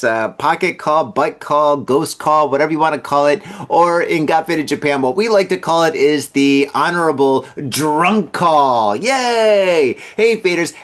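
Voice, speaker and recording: Male podcast host with a slightly high voice who reads odd news and cracks jokes between stories. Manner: reads headlines then riffs with laughing asides. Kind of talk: jokey news commentary podcast.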